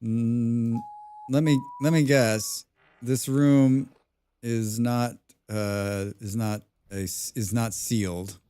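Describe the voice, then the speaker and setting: Slow-talking man chatting on a game stream. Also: mid-range voice, steady tone, dark tone, clean tone. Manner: chatty, talks to himself and chat, repeats phrases. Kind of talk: casual live-stream gameplay chat.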